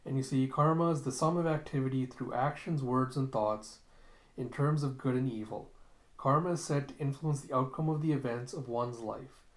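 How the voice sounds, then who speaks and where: A man's voice: medium pitch, normal speed. A man casually recapping a comic, in a loose, rambling way full of fillers. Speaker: manga recap host. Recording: roomy echo.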